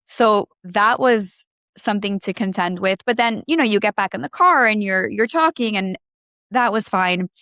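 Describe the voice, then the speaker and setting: A woman co-hosting a casual podcast talks in an emotional, rambling way. She restarts sentences often. Her voice sits at a middle pitch and sounds close and dry, with no room around it. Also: moderate pace, a bit bright, dry recording. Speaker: podcast co-host. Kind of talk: casual chat.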